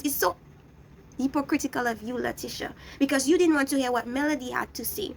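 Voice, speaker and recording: A woman's voice: high voice, a little fast, vocal fry, a little hiss or hum. A young woman recapping a reality show in a blunt, scolding rant, talking straight at the people she criticizes. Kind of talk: ranting show review.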